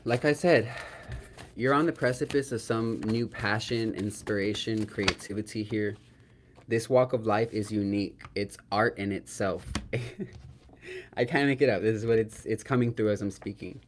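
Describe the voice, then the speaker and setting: A man's voice: fairly low pitch, moderate pace, slight background noise. A man giving a solo tarot reading to the camera. He is earnest and emotional, speaks to viewers as "y'all", often asks "right?" and talks in spiritual terms. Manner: spiritual, invokes Spirit and archangels. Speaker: tarot reader.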